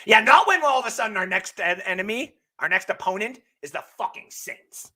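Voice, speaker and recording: A young man hosting a live sports stream, ranting loudly and profanely and often shouting. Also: high voice, lively intonation, fairly quick, few pauses. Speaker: host.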